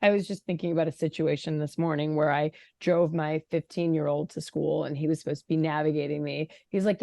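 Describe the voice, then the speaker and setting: A woman in her forties hosts the conversation as a dating coach. She talks in a lively, chatty way, and her voice sounds dry and close with no room echo. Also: low voice, brisk, gravelly, hardly any pauses. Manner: animated, chatty storyteller. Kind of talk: casual interview chat.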